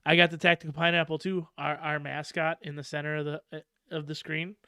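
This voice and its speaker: Lively profane male podcast host. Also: fairly high pitch, a little fast, clear, resonant tone, dry recording, clean studio sound. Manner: animated, profane, laughs often. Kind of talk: casual podcast chat.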